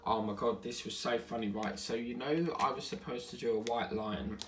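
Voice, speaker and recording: A man's voice: mid-range voice, moderate pace, a little hiss or hum. A tired man chatting casually at home while he crafts, rambling between topics and humming to himself. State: tired, yawning. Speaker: diamond painting channel host.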